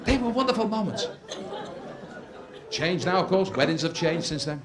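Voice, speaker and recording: Recorded live before a very noisy, laughing crowd, a man performs stand-up comedy in a slightly high, very animated voice at a moderate pace. He tells stories and acts out characters, shifting his voice for each one.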